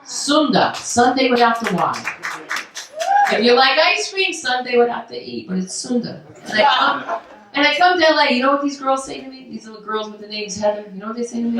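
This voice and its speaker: A brash woman comic doing stand-up, loud and animated, with a rather high voice that leaps around. The sound is roomy and comes from well back from the mic. Her storytelling stays busy and punchy. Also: brisk. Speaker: stand-up comedian. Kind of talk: stand-up comedy set. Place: comedy club stage. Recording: roomy club sound from far off.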